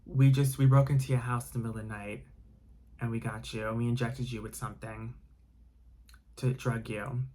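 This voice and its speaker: Man voicing a menacing cult leader, low, cold, calm threats, storytime retelling. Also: normal speed, long pauses, close to an everyday voice.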